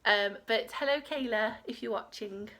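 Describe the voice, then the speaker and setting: A woman's voice: a little high, moderate pace, a bit bright. A woman hosting a crochet podcast from home, rambling in casual chat with lots of fillers. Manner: rambling, chatty, with many fillers.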